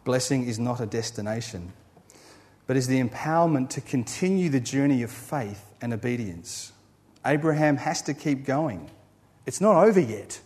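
High-voiced preacher with dramatic emphasis. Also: male voice. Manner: emphatic, building lists then dropping to quiet. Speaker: pastor. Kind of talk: sermon.

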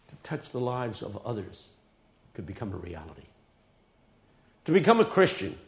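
A male preacher delivering a dramatic sermon, telling stories with humor. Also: medium pitch.

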